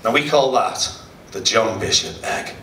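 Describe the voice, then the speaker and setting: A man's voice: mid-range voice, unhurried. A man, doing a live stand-up set in a hotel function room and joking with the crowd. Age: 40s. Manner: chatty, jokes with the crowd. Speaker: stand-up comedian. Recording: roomy distant live recording with loud noise.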